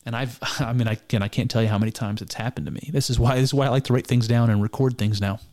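A man's voice: mid-range voice, steady tone, quick pace, darkish tone. A man giving a reflective spoken commentary on a text, earnest and musing, often stopping to restart his sentences. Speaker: speaker discussing mysticism.

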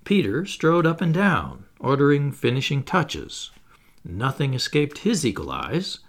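A man reading a children's storybook aloud in an expressive narrating style. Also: medium pitch, measured pace. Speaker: audiobook reader.

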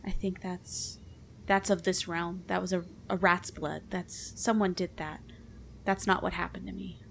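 A woman's voice: on the low side, flat delivery, creaky, slight background noise. A woman voicing a frightened young woman adventurer who halts and stammers over her words. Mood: shaken. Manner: halting, stammering.

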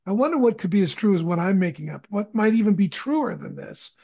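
A middle-aged man, a guest on a podcast, telling anecdotes in a relaxed way, often restarting his sentences. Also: high voice, fairly quick, creaky. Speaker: guest, conflict consultant. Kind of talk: conversational storytelling.

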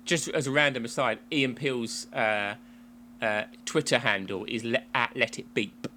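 A man's voice: medium pitch, unhurried, sharp tone, a little hiss or hum. A man from England co-hosting a casual chat podcast, rambling with restarts and frequent laughs. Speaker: podcast co-host.

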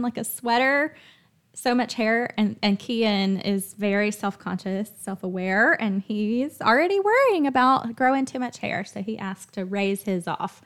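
A woman in her thirties hosting a casual chat, laughing along and then slowly leading affirmations. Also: medium pitch. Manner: laughing, upbeat, slows down for affirmations. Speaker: host.

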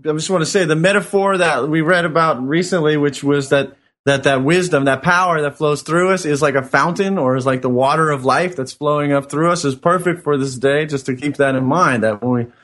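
A man's voice: fairly high pitch, fairly quick, few pauses, a bit bright. A man co-hosting a spiritual talk show, telling a long story with lots of affirming yeses. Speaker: co-host.

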